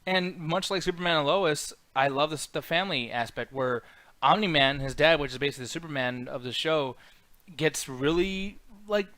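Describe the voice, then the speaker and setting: A man co-hosting a casual show, talking excitedly and swearing freely as he acts out what characters said. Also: a little high, normal speed, no echo. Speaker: podcast co-host. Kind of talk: casual chat.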